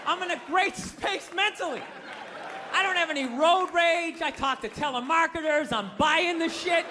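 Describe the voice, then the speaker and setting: A man's voice: extremely high pitch, normal speed, a crowd in the background, noisy background. A man doing a stand-up comedy routine on stage, ranting in an exasperated, profane way. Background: audience laughter.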